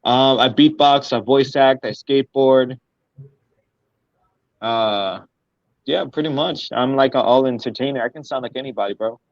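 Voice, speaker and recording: A young man from Houston, a guest rapper chatting casually, halting and full of fillers. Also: medium pitch, dry recording. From Houston, Texas. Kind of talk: casual interview chat. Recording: dry, slightly muffled audio.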